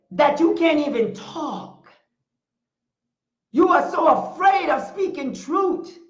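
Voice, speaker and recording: A middle-aged woman hosting a talk show, preaching in a fiery, declarative way and repeating phrases for emphasis. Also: high-pitched. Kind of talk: impassioned preaching monologue. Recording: echoey room, dull lo-fi sound.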